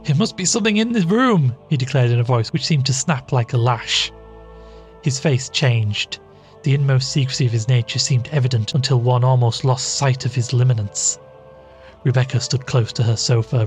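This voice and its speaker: A man reading a classic ghost story aloud in a measured storytelling voice. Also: medium pitch, darkish tone. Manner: measured, voicing each character. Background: faint music.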